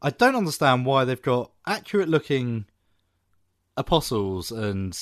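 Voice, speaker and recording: A man in casual film chat, chatty and quick to laugh, often trailing off mid-sentence. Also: mid-range voice, big pitch swings, no echo, studio quality. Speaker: podcast co-host.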